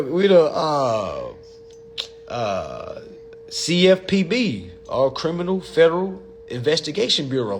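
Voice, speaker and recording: A man's voice: a little high, vocal fry, a little hiss or hum. A man hosting a casual livestream and answering viewer questions, blunt and profane, and often calling his listeners family.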